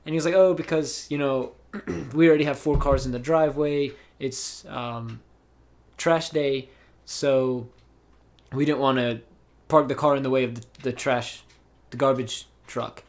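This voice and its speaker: A man's voice: medium pitch, steady tone, a little slow. Young male podcast host, laid-back storyteller, lots of ums and restarts. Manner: rambling, with many fillers and restarts. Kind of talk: casual storytelling chat. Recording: voice call.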